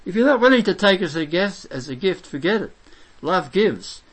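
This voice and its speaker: A man preaching a sermon, reading scripture aloud and expounding it, swinging between loud exclamations and quiet asides. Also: high-pitched, sing-song, normal speed.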